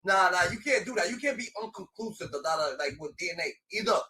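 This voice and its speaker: A man's voice: high-pitched, expressive, fast, sharp tone, slightly rough. A man streaming a heated, profane reaction to a clip, mocking it and filling gaps with a repeated "da, da, da".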